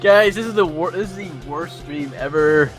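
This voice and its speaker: A man's voice: fairly high pitch, normal speed, music in the background. Joking man co-hosting a livestream. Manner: joking, playful banter. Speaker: livestream co-host. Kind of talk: casual livestream chat.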